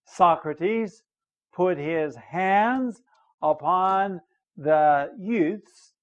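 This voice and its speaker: An older American man teaches English at a very slow, deliberate pace. He reads a story line by line, repeating phrases and checking that his listeners understand. His fairly high voice comes through dull, lo-fi audio. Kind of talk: slow explanatory lesson, reading a story aloud.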